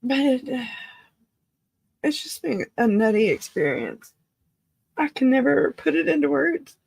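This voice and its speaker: A woman giving an emotional personal account of a family loss, halting and restarting, earnest and raw, with casual swearing. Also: high voice, big pitch swings, gravelly, darkish tone, slightly rough, no room sound, studio quality. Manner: halting, full of restarts and self-corrections. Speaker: grieving relative.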